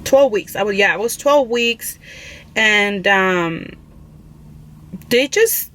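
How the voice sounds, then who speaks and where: A woman's voice: medium pitch, animated, slow pace, sharp tone. A young woman vlogging, telling a personal story in a rambling, emotional, confiding way, full of "like" and "you know". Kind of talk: casual storytelling to viewers.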